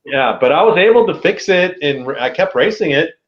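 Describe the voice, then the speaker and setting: A man as a podcast guest telling a story in a casual, animated way, with a lot of slang. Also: on the high side, fairly quick, roomy sound, dull audio.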